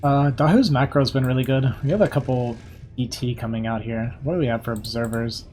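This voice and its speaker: A young man giving casual, quick play-by-play commentary on a strategy game match, a little hoarse and thinking aloud as he goes. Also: medium pitch, darkish tone, soft background music. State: slightly hoarse, losing his voice. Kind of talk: live esports play-by-play commentary.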